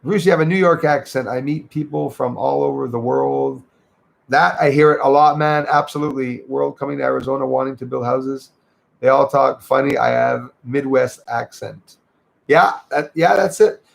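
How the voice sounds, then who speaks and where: A man's voice: mid-range voice, fairly even intonation, normal speed, creaky. A Canadian man hosting a casual livestream, chatting loosely and thanking viewers by name as he reads their comments. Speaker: livestream host.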